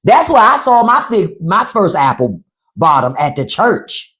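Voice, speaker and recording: A woman hosting a live stream in casual comedic chat, loud and playful, swearing and swinging her voice from high to low. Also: big pitch swings, unhurried. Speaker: podcast host on a live stream. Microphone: phone or desk mic on a live stream.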